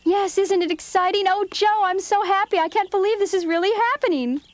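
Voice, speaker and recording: A woman voicing Meg, a dreamy and excitable older teenage girl in a dubbed cartoon, who gushes. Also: very high-pitched, a little fast. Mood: excited.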